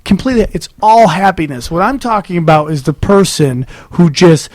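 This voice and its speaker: A man's voice: high voice, expressive, moderate pace, darkish tone, dry recording. A man, a comedian guest on a podcast, chatting casually and telling stories in a rambling, emphatic way full of fillers. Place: comedy club.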